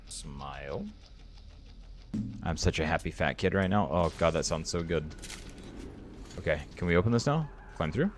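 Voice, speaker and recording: A deep-voiced man in his thirties streaming a game and talking to his chat. He is earnest and openly emotional, rambling through his thoughts, with faint music playing behind him. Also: moderate pace. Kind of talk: casual live-stream chat.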